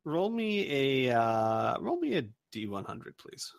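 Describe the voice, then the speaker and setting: A man running a tabletop game as game master, describing scenes deliberately and pausing to think. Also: mid-range voice, sing-song, vocal fry, no room sound.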